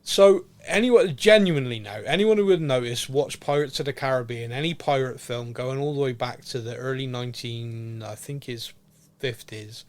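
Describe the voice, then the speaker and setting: A man's voice: mid-range voice, moderate pace. A man with a Bristolian accent co-hosting a casual podcast, chatty and laughing at his own jokes. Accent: Bristolian English. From England. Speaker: podcast co-host. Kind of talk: casual chat.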